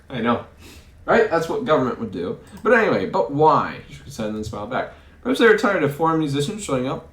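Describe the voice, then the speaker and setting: A man's voice: mid-range voice, reverberant. A man playing a story game, reading its text aloud and musing over his choices, often stumbling over words. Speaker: let's play host.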